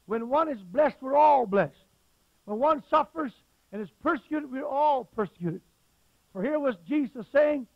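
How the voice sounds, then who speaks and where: A man preaching a sermon as a pastor, with emphatic stresses that suddenly grow loud. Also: very high-pitched, animated, normal speed, gravelly, dry recording, muffled recording.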